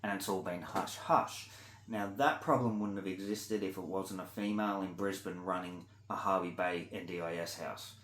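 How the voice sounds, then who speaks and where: A man with an Australian accent in a blunt, sweary rant to camera, swinging between loud outbursts and low mutters. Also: steady tone, normal speed, echoey room. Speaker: vlogger. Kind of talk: ranting monologue to camera.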